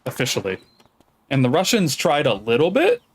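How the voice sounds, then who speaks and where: A man's voice: medium pitch, moderate pace, slightly rough, poor audio. Casual man chatting while gaming. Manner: relaxed, rambling, swears casually. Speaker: streamer.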